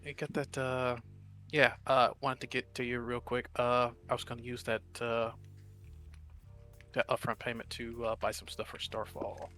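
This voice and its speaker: A man's voice: medium pitch, flat delivery, normal speed, sharp tone, soft background music. Hesitant man player, lots of fillers. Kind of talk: tabletop game chat.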